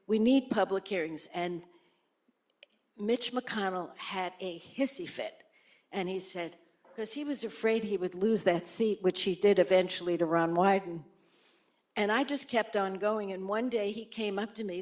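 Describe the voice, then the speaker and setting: An older woman, a former senator, telling stories in a conversational way at a lecture and acting out the people she quotes. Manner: animated, acts out quoted voices with sharp jumps in pitch. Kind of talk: conversational storytelling on stage.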